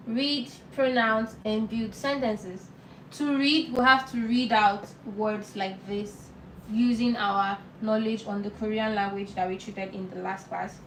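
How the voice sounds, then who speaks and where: A woman with a fairly high voice teaches a live online lesson, explaining patiently and repeating each word slowly. She sits back from the mic in an echoey room, with a faint hiss underneath. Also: far from the mic. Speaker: Korean language teacher. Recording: roomy echo, off-mic, faint noise.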